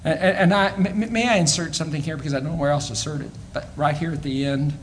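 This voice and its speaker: A man preaches in a high voice. His delivery is animated, rising to loud exclamations and dropping to quiet asides, and he often restarts and repeats words as he builds each point. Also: fast, a little hiss or hum. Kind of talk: sermon.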